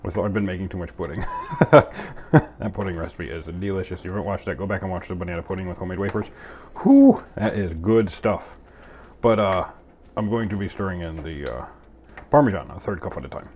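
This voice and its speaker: A man's voice: low-pitched, racing, a little mellow, a little hiss or hum. A man hosting a casual cooking video, chatting in a goofy, self-mocking way as he makes a sauce in his home kitchen. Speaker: cooking channel host.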